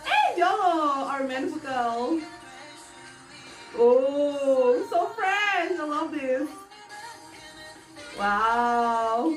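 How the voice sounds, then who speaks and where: A woman with a very high, bright-pitched voice gushes like an excited fan as she chats through a reaction vlog. Her voice echoes around a roomy space. A music track plays faintly underneath her talk. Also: extremely slow, long pauses. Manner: gushing, excitable fan commentary. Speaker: K-pop reaction YouTuber. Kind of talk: casual reaction vlog chat. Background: music video playing faintly.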